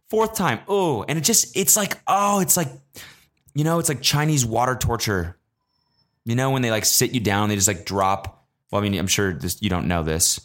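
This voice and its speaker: A young man hosting a casual solo podcast, ranting with swearing and sudden high, exasperated outbursts. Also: normal speed, fairly bright tone. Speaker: podcast host. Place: traveling abroad, recording while away.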